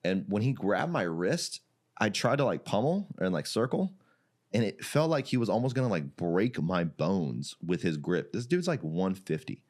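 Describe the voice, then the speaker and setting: A young man from Iraq with a low, deep voice tells a wild gym story in casual podcast chat. He is animated, laughs often and fills his sentences with "like". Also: moderate pace. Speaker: podcast guest, jiu-jitsu gym founder.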